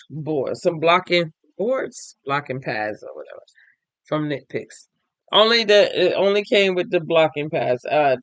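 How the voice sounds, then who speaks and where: A man with a slightly higher than usual voice, recorded close and dry with no room sound. He hosts a crafting podcast in a relaxed show-and-tell way, talking straight to his viewers and thinking aloud. He sounds tired and keeps yawning. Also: no room sound. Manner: chatty, thinks aloud, addresses viewers directly. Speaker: crochet and knitting podcast host. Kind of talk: casual show-and-tell chat.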